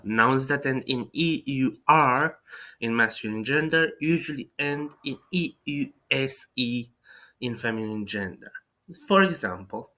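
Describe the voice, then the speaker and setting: A man teaches an online language lesson in a voice of ordinary, middle pitch. He restarts his sentences often and fills the gaps with small hesitations. When he demonstrates words, he slows down and says them with great care. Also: sharp tone. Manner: hesitant, with frequent restarts and fillers; slow, careful pronunciation demonstrations. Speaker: French teacher.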